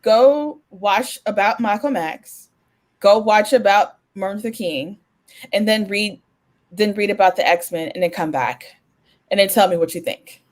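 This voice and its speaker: A woman's voice: medium pitch, unhurried. A young woman co-hosting a podcast, chatting casually with restarts and frequent laughter. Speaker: podcast co-host.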